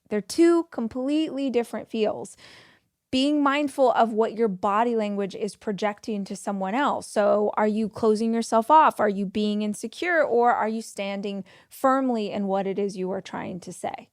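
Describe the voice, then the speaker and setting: Woman podcast host, 40s, firm and emphatic motivational delivery, slightly high voice, dry close-mic sound. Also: normal speed, dry recording. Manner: firm, emphatic advice-giving with acted example lines.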